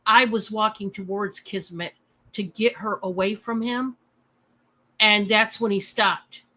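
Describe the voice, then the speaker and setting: A woman's voice: medium pitch, steady tone, unhurried, sharp tone, poor audio. A woman hosting her own livestream at home, telling a personal story in a rambling, heartfelt way with lots of fillers and restarts. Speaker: channel host.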